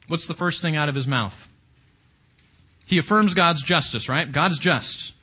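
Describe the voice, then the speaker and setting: A man with a high-pitched voice teaches through a Bible book. His delivery is animated and full of questions put to the listeners. He moves between reading passages aloud and explaining them. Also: a little slow, pauses often, slightly rough. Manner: animated, asks the audience questions.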